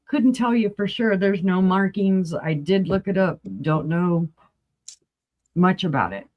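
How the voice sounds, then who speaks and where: A woman with a New Mexico accent talks in a folksy, chatty way as a guest on a live sale stream. She walks viewers through each piece up close. Her voice sits at an ordinary middle pitch. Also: darkish tone. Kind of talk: casual live-sale chat.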